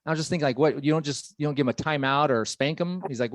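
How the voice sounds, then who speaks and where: A man's voice: mid-range voice, very fast, hardly any pauses, dry recording. Man, californian accent, stand-up comic, acts out voices, dry sound. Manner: joking, acts out voices of people in his bits. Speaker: stand-up comedian. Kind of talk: stand-up comedy set.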